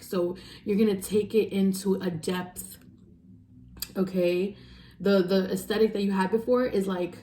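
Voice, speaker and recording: A woman's voice: mid-range voice, echoey room, slight background noise. Emphatic woman giving a spiritual reading. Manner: emphatic, repetitive, animated with laughs. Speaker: intuitive counselor giving a tarot reading.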